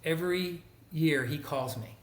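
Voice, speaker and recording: A middle-aged man, a former teacher, recounts stories in a relaxed conversation, slipping into the voices of the people he quotes. His voice sits somewhat high for a man. The sound carries a noticeable room echo. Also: a little slow. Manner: animated storyteller who acts out quoted people. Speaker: guest, former teacher and school counselor. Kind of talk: casual storytelling conversation.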